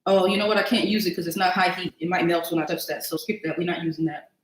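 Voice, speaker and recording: A woman's voice: fairly low pitch, fairly even intonation, fast, echoey room, slight background noise, rough recording. Chatty woman cooking on a livestream. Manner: chatty, talks to viewers as y'all, thinks aloud while cooking. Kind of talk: casual cooking livestream chat. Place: home kitchen.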